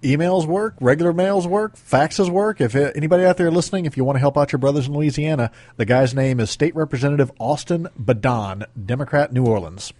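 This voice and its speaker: A man co-hosts a talk radio show and weighs in with opinionated, quick banter. He talks fast in a husky voice. The sound is dry and close, with no room echo. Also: fairly high pitch, darkish tone.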